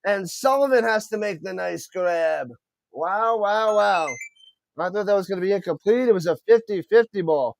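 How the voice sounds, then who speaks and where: Speaking at normal speed with vocal fry, a high-pitched man calls a football game live on stream. He is excited, talks with his chat, and trips over player names he doesn't know.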